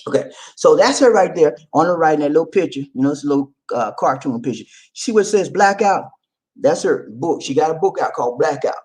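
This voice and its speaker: Animated man with lively pitch. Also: brisk. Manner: animated, repetitive, often laughing, addresses viewers directly. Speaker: video commentator. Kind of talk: casual commentary.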